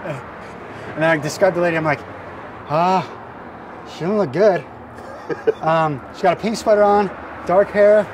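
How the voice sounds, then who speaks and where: Excited man storyteller, slightly high voice, outside on a street, traffic noise. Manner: excited, restless, with many likes and rights. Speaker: guest storyteller. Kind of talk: animated storytelling on location. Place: outdoors on a residential street.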